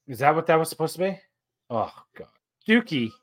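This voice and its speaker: Brief: quizzical crude male co-host, animated pitch, casual watch-along chat. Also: brisk, a little hiss or hum. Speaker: podcast co-host.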